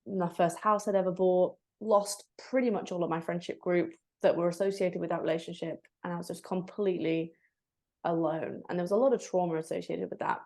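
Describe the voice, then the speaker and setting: Her lowish voice moves briskly as she candidly shares her personal journey in a podcast interview. She's a breathwork facilitator, reflective in tone, animating quoted moments as she goes.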